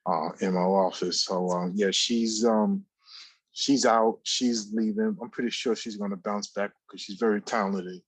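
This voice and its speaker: In an office, a radio co-host delivers casual live commentary in an unhurried, lowish voice with a breathy edge and fairly even intonation. His speech rambles with fillers and repeated phrases, captured on a dry, low-quality recording.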